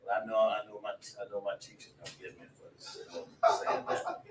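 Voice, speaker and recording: A man teaching a religious class in a casual, animated way, laughing and drawing call-and-response from his students. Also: on the low side, fairly quick. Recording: echoey room, voice from a distance, faint noise.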